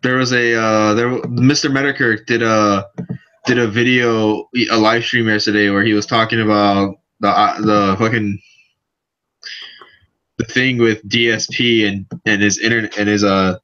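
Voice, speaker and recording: A man's voice: on the low side, little pitch movement, sharp tone. Stammering man on a dull lo-fi mic. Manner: halting, stumbles and repeats words. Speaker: podcast co-host. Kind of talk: casual drunk podcast chat.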